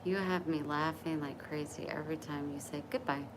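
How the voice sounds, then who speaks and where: A woman's voice: low-pitched, steady tone, moderate pace, background noise. A woman livestreaming from her bedroom at night on her phone, chatty and encouraging as she reads and answers viewer comments. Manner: chatty, encouraging, laughs easily. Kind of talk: casual livestream chat.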